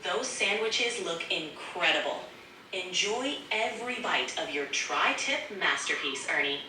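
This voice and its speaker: Woman's synthetic voice, cheery AI co-host; bright tone, distant and echoey. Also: fairly low pitch, lively intonation, a little slow, a little hiss or hum. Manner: upbeat and complimentary. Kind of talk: cheerful assistant replies. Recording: echoey room, voice from across it.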